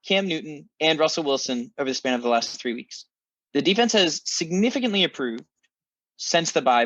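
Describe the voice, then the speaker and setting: A man's voice: medium pitch, fairly bright tone, no echo, lo-fi sound. A man co-hosting a casual sports podcast, ranting with wry self-mocking humor. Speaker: podcast co-host, football fan.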